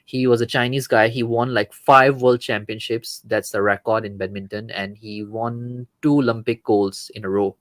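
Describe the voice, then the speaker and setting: A man's voice: lowish voice, fairly even intonation, moderate pace, hardly any pauses, fairly bright tone, dry recording. A man from Malaysia hosting a casual live-stream football talk show, chatting and reading out viewer comments. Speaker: show host.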